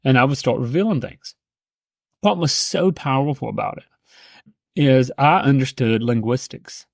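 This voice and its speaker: Middle-aged male sales coach, casual and animated storyteller, dry close sound. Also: mid-range voice, moderate pace, creaky, no echo. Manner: animated, shifts into quoted voices.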